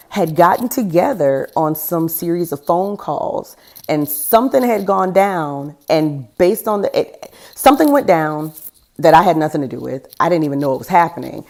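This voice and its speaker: A woman with a notably low, deep voice hosts a podcast and tells her own story plainly and openly. She talks in a frank, conversational way and laughs now and then even through the heavy moments. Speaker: podcast host. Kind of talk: candid personal storytelling.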